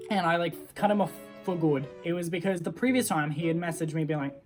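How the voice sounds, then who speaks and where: A woman's voice: lowish voice, brisk, a little mellow. A teenage girl telling a story in a casual, chatty way, full of "like" and acted-out quotes. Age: teens. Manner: chatty, filler-heavy, acts out quotes. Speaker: vlogger. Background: guitar music.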